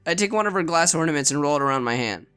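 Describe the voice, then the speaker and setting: A man reads a visual novel aloud in an earnest, expressive way, stumbling over a word now and then. His voice is bright and sits a little high for a man. Soft music runs behind him. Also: racing, smooth. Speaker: narrator reading a visual novel.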